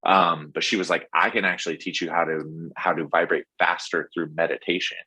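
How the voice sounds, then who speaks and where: Casting: low-voiced man, podcast guest, bright, husky tone, rambling and eager. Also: level tone, a little fast. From Texas. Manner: rambling, enthusiastic, lots of fillers. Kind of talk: casual interview chat.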